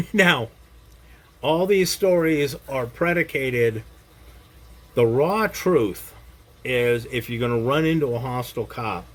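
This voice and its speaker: A middle-aged or older man gives a casual self-defense lesson to camera, blunt and profane in his language. His voice is mid-range with a little hiss or hum, and he checks in often with his listener, saying "Okay?" after his points.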